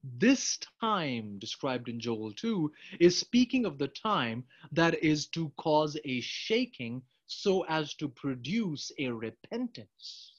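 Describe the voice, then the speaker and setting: A man preaching a sermon, emphatic, swinging between loud urgent appeals and quiet asides. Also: on the high side, very animated, takes it slowly, hardly any pauses. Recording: dull, lo-fi sound.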